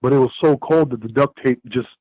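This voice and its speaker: A man of middle pitch rambles through a story with lots of "uh" and "you know," talking as a podcast guest. The sound is dry and close, with no room echo. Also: fairly quick, lo-fi sound. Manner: rambling, animated storytelling with many fillers and restarts. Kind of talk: casual storytelling in a podcast interview.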